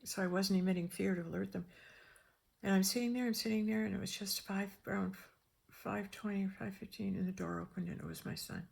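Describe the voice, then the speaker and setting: A woman with a gravelly voice tells a personal story in a lively, dramatic way. She often breaks off and restarts her sentences, and she acts out the voices of the people in the story. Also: mid-range voice, brisk. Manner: animated, acts out quoted voices, many restarts.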